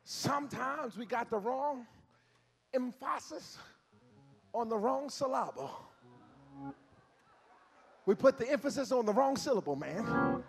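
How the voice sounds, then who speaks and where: A man preaching a sermon in a church, chanting lines in a sing-song way, rising to shouts and falling to soft murmurs as he leads the congregation. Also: very high-pitched, animated, a little slow, vocal fry, long pauses, breathy edge, faint music behind. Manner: sing-song call-and-response preaching, swells to shouts then drops to near murmurs.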